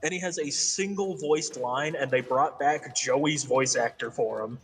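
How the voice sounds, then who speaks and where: A man chatting on a friend's gaming stream, trading dry, quick-witted quips. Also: medium pitch, a bit bright, a little hiss or hum, rough recording. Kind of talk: casual gaming stream chat.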